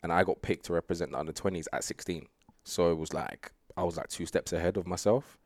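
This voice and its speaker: The recording is dry, and the voice is a young man's, low and fast. As a guest sprinter in a casual interview, he rambles in a relaxed way, peppering his talk with fillers and laughs.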